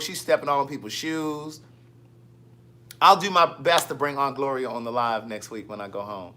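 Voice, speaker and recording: Bright-voiced guy chatting on his live, reading comments and teasing folks. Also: mid-range voice, moderate pace, a little hiss or hum. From Maryland. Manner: chatty, reads viewer comments aloud, teasing. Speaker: livestream host. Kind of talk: casual live chat.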